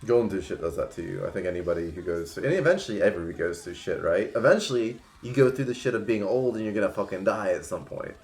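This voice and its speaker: A man's voice: on the low side, animated, fast, hardly any pauses, darkish tone, echoey room, faint music behind. A man in his twenties telling rambling stories on a casual livestream, full of fillers and restarts. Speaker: streamer.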